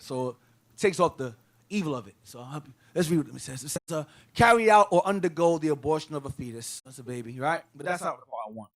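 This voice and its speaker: Emphatic high-voiced man teaching scripture. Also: lively intonation, fast talker. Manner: preachy, emphatic, calls out instructions to a reader. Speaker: deacon teaching a class. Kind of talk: Bible class teaching.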